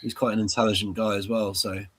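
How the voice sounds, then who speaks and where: A man's voice: on the low side, level tone, fast talker, husky. A man chatting on a stream, thoughtful and repeating words as he works out his point. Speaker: stream guest. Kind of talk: casual chat.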